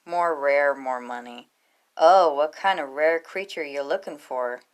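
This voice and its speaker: A woman voicing a greedy male creature dealer with a loud, laughing sales patter in a read-aloud story. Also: deep voice, measured pace, smooth. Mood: sly.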